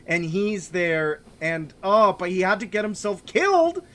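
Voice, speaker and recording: Young male gamer, high and bright, slow exasperated rant while playing. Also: very animated. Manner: exasperated, repetitive ranting. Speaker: video game player. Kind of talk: let's play commentary.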